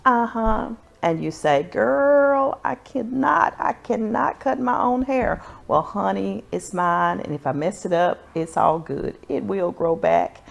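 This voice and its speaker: Sassy middle-aged woman vlogger, low gravelly voice, chatty with her viewers. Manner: sassy, talks to viewers as "honey" and "y'all". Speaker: beauty vlogger. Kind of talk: casual chatty vlog.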